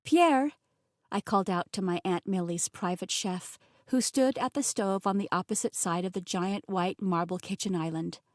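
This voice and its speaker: A woman narrating a fantasy romance audiobook in an expressive, scripted style, recorded close and dry. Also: on the low side, moderate pace, few pauses, dry recording. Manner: expressive, voices the characters.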